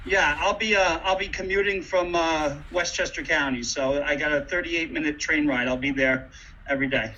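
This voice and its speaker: A man on a video call, answering his coach with quick, agreeable replies. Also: fairly high pitch, steady tone, bright, forceful tone. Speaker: student speaker. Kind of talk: casual video call chat. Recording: muffled video call with faint noise.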